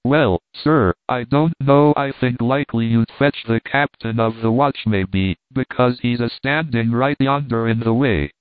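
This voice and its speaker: Plain-spoken deck sweep, voiced by a male narrator, slow and folksy, phone-thin sound. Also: mid-range voice, clear, resonant tone, no echo, close to an everyday voice. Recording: dry, tinny phone-like sound.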